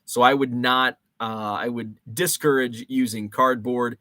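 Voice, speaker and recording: A man's voice: medium pitch, fairly even intonation, unhurried, sharp tone, dry recording. A man in his forties hosting a casual rambling monologue, thinking aloud with fillers and restarts. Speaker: show host. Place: home basement.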